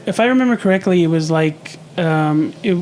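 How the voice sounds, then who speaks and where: A man co-hosting a podcast in casual talk, speaking hesitantly in halting phrases. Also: a little high, expressive, a little mellow, slight background noise. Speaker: podcast co-host.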